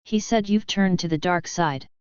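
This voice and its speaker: A woman's voice: on the low side, normal speed, clear, resonant tone, no room sound, close to an everyday voice. Casting: heartbroken, pleading young wife, read by a woman, dry, dull sound. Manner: pleading, tearful.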